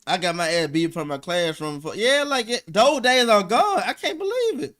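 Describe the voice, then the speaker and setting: A man's voice: sits high, moderate pace, a loud crowd. A man chatting casually and emphatically as a streamer host. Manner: animated, emphatic storyteller.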